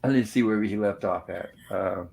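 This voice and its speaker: A man's voice: fairly low pitch, normal speed, gravelly, darkish tone, low-quality recording. A man hosting a livestream, casually narrating old TV scenes and reading chat messages aloud. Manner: chatty, narrates scenes and reads chat aloud with small laughs. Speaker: livestream host.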